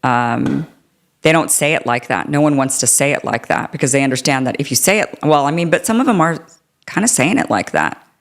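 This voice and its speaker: Low-voiced woman host, casual and rambling. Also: expressive, a little fast, gravelly. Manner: casual, rambling, with many "I mean" and "like" fillers. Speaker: show host. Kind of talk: political interview.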